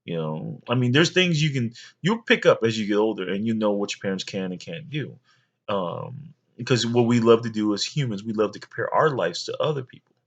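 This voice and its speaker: A man's voice: on the low side, animated, brisk, dull audio. A man in his thirties, a father rambling through a childhood story for his young sons, with many fillers. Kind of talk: storytelling home video.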